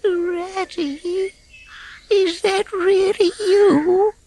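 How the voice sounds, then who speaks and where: A narrator voicing a timid, exhausted young male mole in a storybook reading, with a feeble, trembling voice and a slow, pleading manner. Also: very high voice, fairly even intonation, noisy background, voice pushed up, full character voice. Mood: frightened, weary.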